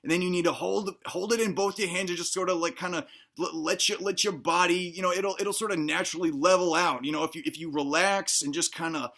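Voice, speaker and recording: A man's voice: high-pitched, fairly even intonation, fairly quick, a bit bright. A man playing a bumbling, self-assured cop who gives absurd advice, rambling and stammering in a mock-earnest way. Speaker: comedic self-help presenter. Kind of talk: deadpan comedy sketch.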